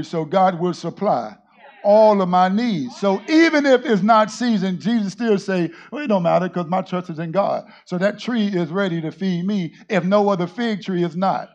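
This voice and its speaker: A male pastor preaching a sermon, often shouting to his congregation and calling on them to answer. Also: high-pitched, normal speed, muffled recording.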